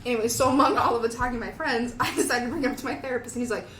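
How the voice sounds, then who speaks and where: A woman's voice: fairly high pitch, very fast, a bit bright. Giggly young woman in an echoey room. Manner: giggly, rambling, self-mocking. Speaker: podcast co-host. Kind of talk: casual chat. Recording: echoey room, faint ambient noise.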